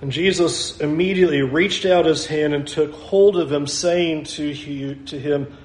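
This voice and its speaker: A man preaching a sermon, animated, acting out the scene with small laughs. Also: a little high, normal speed, echoey room. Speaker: pastor.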